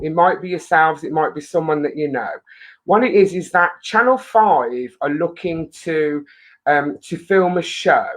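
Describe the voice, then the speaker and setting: A woman's voice: lowish voice, rough recording. A woman hosting a casual live stream, chatting in a rambling way to viewers and laughing often.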